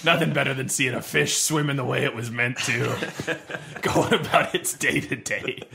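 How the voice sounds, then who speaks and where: A man's voice: mid-range voice, normal speed, gravelly, background noise. A man hosting an improvised comedy chat, teasing and sarcastic, laughing often. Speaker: host.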